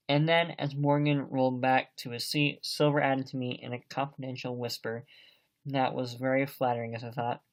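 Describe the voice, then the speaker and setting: A man reads a novel aloud for a home-made audiobook. His voice sits at an ordinary middle pitch, and the delivery is plain, now and then stumbling over a word. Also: steady tone, normal speed. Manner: plain, occasionally stumbling reading. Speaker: amateur audiobook reader.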